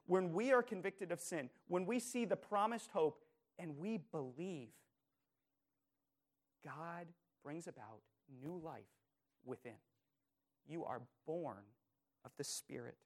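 A man preaching a sermon as pastor, earnest and emphatic, asking his listeners repeated questions and dropping to quiet, soft phrases. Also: fairly high pitch.

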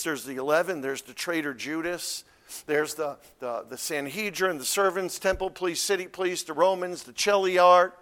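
A male pastor delivering an expository sermon in a fairly high voice. He builds to loud, emphatic peaks, then drops into quiet, low asides.

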